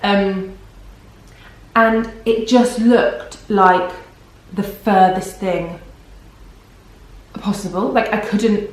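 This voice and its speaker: A woman's voice: mid-range voice, fairly even intonation, drawn-out words, pauses often. A young pregnant woman vlogging casually, rambling and self-deprecating, tired. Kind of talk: casual vlog chat. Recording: very echoey room.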